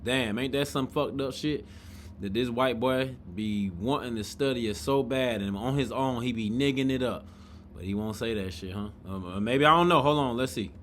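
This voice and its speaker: A man's voice: mid-range voice, moderate pace, slight background noise. A man hosting a podcast, giving loose, profane reaction commentary and talking back at the video in disbelief. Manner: animated, incredulous, profane, talks back to the screen.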